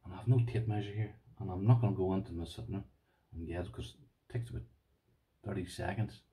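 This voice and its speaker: Deep, warm and mellow, an Irish lockpicking vlogger talks fast through a casual, excited unboxing, gushing repeatedly and calling his viewers "boys." He sits a little back from the mic, so he sounds somewhat distant.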